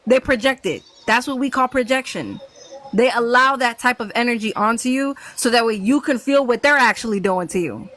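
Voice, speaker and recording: A woman's voice: fairly high pitch, normal speed, fairly bright tone. A woman in her thirties chatting earnestly on a live panel, stacking emphatic repeated phrases. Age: 30s. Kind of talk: casual chat on a live panel.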